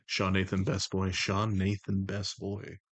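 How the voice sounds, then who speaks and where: A man putting on a slow, sultry deep voice. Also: completely flat delivery, a bit bright, dry recording, exaggerated voice. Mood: coaxing. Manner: slow, low and coaxing, doting praise. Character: sultry deep-voiced male seducer persona. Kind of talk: live stream chat.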